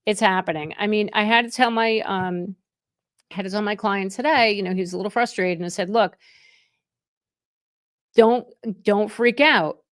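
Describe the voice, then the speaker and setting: A middle-aged woman hosts a casual live stream as a real estate agent, upbeat and chatty, greeting viewers by name. Her voice sits at an ordinary pitch for a woman. The sound is dry and close, with no room echo. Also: brisk, fairly bright tone. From New Jersey.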